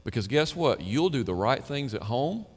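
Male pastor, emphatic conversational sermon, mid-pitched, long hall reverb. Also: very animated, moderate pace, breathy edge. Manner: emphatic, conversational preaching, swings to quiet and low.

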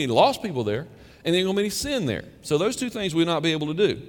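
A man's voice: fairly high pitch, very fast. A man preaching a sermon as pastor, acting out quoted prayers and conversations. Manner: animated, acts out quoted prayers and chatter. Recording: long reverb of a church hall.

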